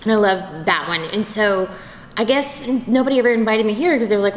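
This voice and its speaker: A woman voice actress telling stories in a convention interview, bubbly and animated, slipping into quick impressions. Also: medium pitch. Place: convention venue. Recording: echoey convention room, faint background noise.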